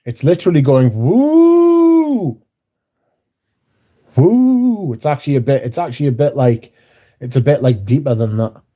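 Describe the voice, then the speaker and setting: This fast-talking man has a mid-range, mellow voice with a breathy edge, and he isn't American. He hosts a casual livestream from a windy bar, reading chat messages bluntly and mouthily while swearing often.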